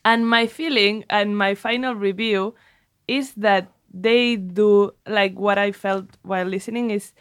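A young woman chatting on a podcast with a smooth, clean voice. She is giggly and self-deprecating in tone. The sound is dry and close. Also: mid-range voice, steady tone, unhurried, no echo. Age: young adult. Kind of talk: casual chat.

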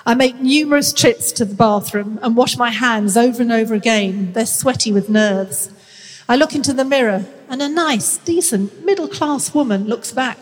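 A woman's voice: a little high, normal speed. A woman in her sixties with a nasal North London accent, a guest author chatting frankly and reading from her memoir in a self-mocking way. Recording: long hall reverb.

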